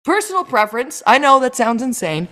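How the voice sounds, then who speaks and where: A woman's voice: high voice, big pitch swings, brisk, a bit bright, a little hiss or hum. A woman co-hosting a roundtable podcast, ranting in a profane, exasperated way. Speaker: podcast co-host. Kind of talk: roundtable chat.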